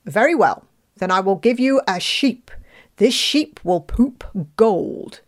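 A woman voicing the North Wind, an old bearded spirit, in a slow lower voice. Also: expressive. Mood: generous.

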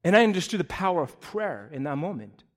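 A man in his thirties preaches with a fairly high voice, telling stories with animated energy. He climbs into loud, excited bursts, then drops to quiet, hushed appeals to pray. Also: fast talker. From Russian Slavic community in the US. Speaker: pastor. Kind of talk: sermon.

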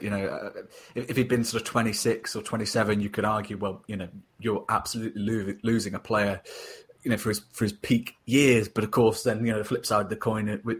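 A man's voice: lowish voice, slightly rough. A man co-hosting a podcast, discussing football casually and hedging often with "sort of". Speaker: podcast co-host.

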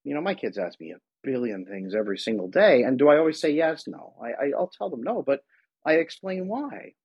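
Husky-voiced man, earnest and dry. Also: mid-range voice, sing-song, a little fast, darkish tone, dry recording, lo-fi sound. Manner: earnest, acts out dialogue with his kids. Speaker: guest, attachment specialist. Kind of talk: conversational interview.

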